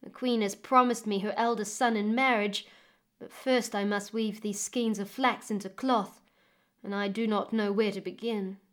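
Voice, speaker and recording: A woman's voice: mid-range voice, fairly even intonation, moderate pace, lightly acted. A woman voicing a poor young peasant girl who pleads earnestly in a storybook reading. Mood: tearful pleading.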